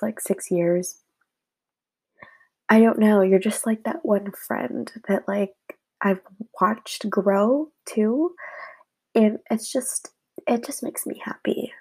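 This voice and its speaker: A young woman giving a rambling, halting, heartfelt message to her friends, half-whispered and close to tears. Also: medium pitch, gravelly, a little mellow, breathy edge, poor audio. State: tearful, close to crying. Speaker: vlogger addressing friends.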